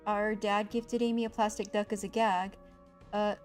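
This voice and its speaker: A woman's voice: mid-range voice, normal speed, soft background music. A young woman streamer reading a visual novel game aloud, voicing its story with feeling and chatting between lines. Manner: expressive, voicing the inner monologue with rising panic.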